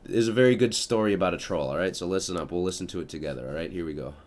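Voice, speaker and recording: A middle school math teacher introduces a remote lesson to his students. He talks casually and encouragingly, often pausing on "uh" and "you know". His voice sits very low for a man. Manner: casual, filler-heavy, encouraging.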